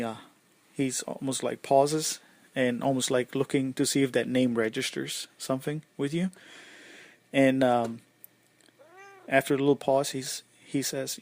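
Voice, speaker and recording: A man narrating a tabletop game as game master, halting and full of ums and uhs. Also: mid-range voice, little pitch movement, darkish tone, no echo.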